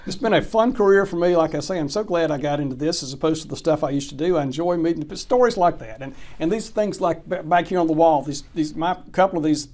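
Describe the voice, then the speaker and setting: Animated storytelling man, slightly high voice. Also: fast talker, few pauses. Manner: animated anecdote teller, acts out quoted dialogue. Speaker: real estate closing attorney. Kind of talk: storytelling in an interview.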